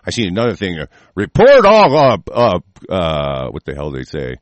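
An American man hosting an online show, delivering a profane, angry political rant that swings from muttering to shouting while sick. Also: sits low, sing-song, normal speed, hardly any pauses, dry recording. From United States.

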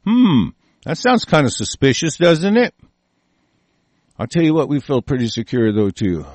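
A man's voice: medium pitch, big pitch swings, normal speed, darkish tone, no room sound. A man delivering an angry, profane political rant, combative and swearing constantly. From United States.

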